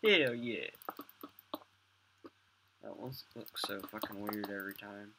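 A man's voice: lowish voice, monotone, normal speed, poor audio. A young man swearing and muttering to himself as he builds in a game, rambling casual commentary. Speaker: gamer. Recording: loud background noise, mouse clicks.

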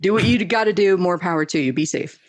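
A woman's voice: fairly low pitch, fast. A woman hosting a podcast interview, speaking in an emphatic, fired-up motivational way. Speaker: podcast host. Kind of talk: casual interview chat.

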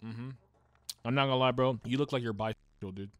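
A young man trolling strangers over video chat in a crude prank-banter style. He gets loud and teasing, switching into fake outrage at the slightest thing. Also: medium pitch, fairly quick, heavy background noise.

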